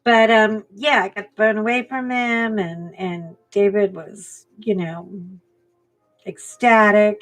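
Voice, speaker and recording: A woman's voice: medium pitch, fairly even intonation, takes it slowly. A middle-aged woman hosting a coloring channel, chatting and telling a family story with laughs while she colors. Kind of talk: casual chat while coloring.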